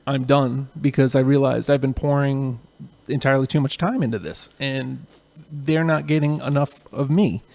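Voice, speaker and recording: A man's voice: mid-range voice, steady tone, normal speed, vocal fry, darkish tone. A man co-hosting a podcast, speaking bluntly and candidly in casual chat, with some swearing. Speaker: podcast co-host.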